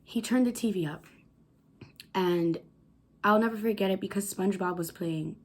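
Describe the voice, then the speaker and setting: Woman vlogger, personal story, halting delivery, fillers, low hushed voice at times. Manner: halting, repetitive, many "like" fillers.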